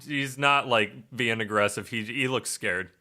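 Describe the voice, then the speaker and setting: A man's voice: mid-range voice, unhurried, pushed and bright. A young man narrating a tabletop game as game master, loose and laughing, with many fillers.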